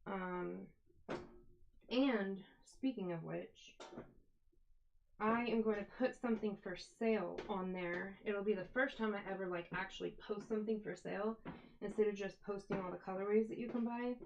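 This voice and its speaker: A woman's voice: medium pitch, fairly even intonation, moderate pace, gravelly, highs cut off, a little hiss or hum. A woman hosting a casual live stream from home, chatting and greeting viewers by name while she dyes yarn. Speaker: livestream host dyeing yarn.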